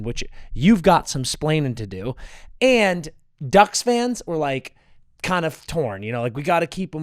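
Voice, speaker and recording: A man's voice: medium pitch, clean tone, no echo, clean studio sound. A man hosting a hockey podcast, talking energetically and joking crudely. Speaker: podcast host. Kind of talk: casual hockey podcast chat.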